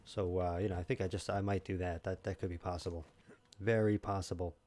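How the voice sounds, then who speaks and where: A man's voice: sits low, little pitch movement, fairly quick, dark tone. A man streaming a video game from home, joking and rambling as he chats with his viewers by name. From New York. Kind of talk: casual gaming stream chat.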